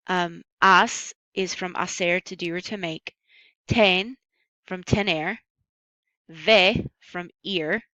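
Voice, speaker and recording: A woman teaching a recorded language lesson, patient and upbeat, slowing down carefully on each Spanish word. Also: on the low side, pushed and bright, no echo, poor audio. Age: adult.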